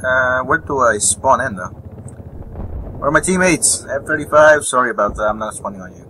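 A man's voice: medium pitch, animated, moderate pace, pushed and bright, a little hiss or hum, low-quality recording. A young man giving live gameplay commentary, rambling, swearing and chuckling at enemies, with game gunfire behind him. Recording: faint gunfire and vehicles behind. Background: game gunfire and explosions.

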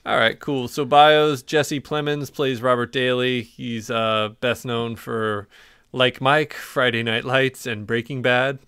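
A man co-hosting a podcast in a casual, chatty way, reading trivia notes aloud and joking along. He grew up in the American South. His voice is mid-pitched and sits close and dry, with little room sound. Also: level tone, takes it slowly, a bit bright, smooth, no room sound. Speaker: podcast co-host. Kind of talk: casual chat.

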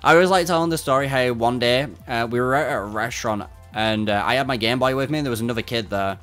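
A man's voice: medium pitch, fast, fairly bright tone, faint music behind. A man streaming a game, chatting casually and bluntly with his chat, swearing freely and venting frustration.

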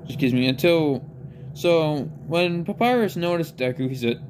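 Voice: medium pitch, lively intonation, moderate pace, background noise. A fan storyteller improvising a story in a rambling way, full of fillers and self-corrections.

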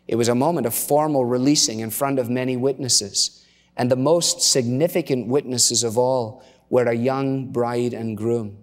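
A man's voice: mid-range voice, steady tone, moderate pace. Conversational male preacher in reverberant church. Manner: conversational storytelling with asides and fillers. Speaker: pastor. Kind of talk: sermon.

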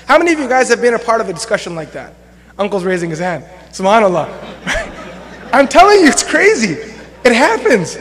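A young man with a high-pitched voice preaches as an imam, animated and conversational, slipping into acted-out quotes for laughs. His voice rings through a mosque hall with a long reverb tail. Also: moderate pace. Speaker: imam and lecturer. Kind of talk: sermon.

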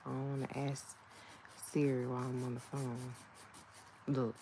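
A woman's voice: extremely low pitch, flat delivery, a little slow, mellow, slight background noise. A woman, chatting casually at home while doing her own nails, often laughing and talking to her nails. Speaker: nail vlogger. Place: home, indoors.

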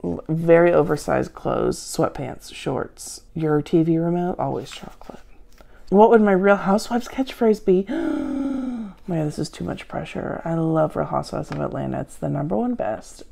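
A woman's voice: low-pitched, normal speed, vocal fry, dark tone, slight background noise. A woman hosting a comedic question-and-answer video from home, with a dry, sarcastic, self-mocking manner. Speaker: show host answering viewer questions. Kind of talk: deadpan comedic Q&A.

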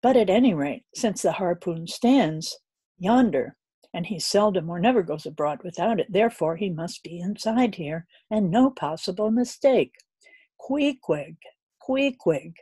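A woman's voice: on the low side, animated, normal speed, dark tone, husky, no echo. A woman reading the lines of an anxious young sailor, calling out urgently and pleading for help.

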